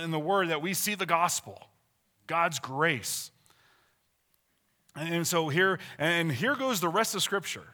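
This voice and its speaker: A man's voice: on the high side, pushed and bright. A middle-aged man preaching a sermon in a conversational, emphatic way, often asking his listeners questions.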